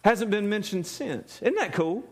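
Brief: male pastor, high voice, lively sermon delivery with repeated words and laughs. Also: unhurried.

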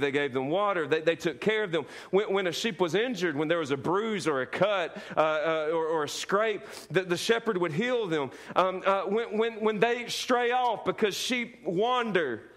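A male pastor with a high-pitched, somewhat bright voice preaches a sermon, repeating key lines with emphasis. He calls for the congregation to answer aloud in call-and-response fashion.

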